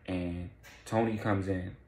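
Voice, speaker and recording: A man's voice: deep voice, fairly even intonation, slow, a little mellow, roomy sound. A man telling a story casually, with slang, profanity and repetition.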